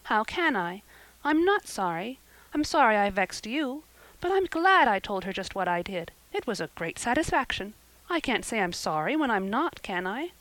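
A woman reading an audiobook, voicing a passionate, dramatic red-haired orphan girl who talks in high, impassioned, pleading bursts. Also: very animated, normal speed, fairly bright tone, no echo, poor audio. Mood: defiant.

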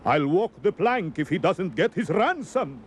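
A man's voice: high-pitched, big pitch swings, a little slow, slight background noise, pitched above the performer's own voice. A man voicing a male rat who is a famous opera singer, speaking dramatically. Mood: dramatic. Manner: suspicious and dramatic.

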